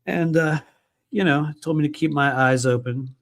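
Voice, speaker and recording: A man's voice: fairly high pitch, moderate pace. A man reading aloud from his own book and breaking off into loose, conversational asides, swearing freely. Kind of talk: live book reading with casual commentary.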